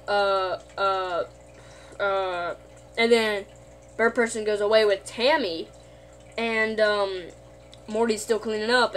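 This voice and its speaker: Woman retelling a cartoon plot, lots of um and like, middle pitch, faint hum. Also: fairly bright tone. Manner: rambling, full of "like" and "um", self-correcting. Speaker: video host.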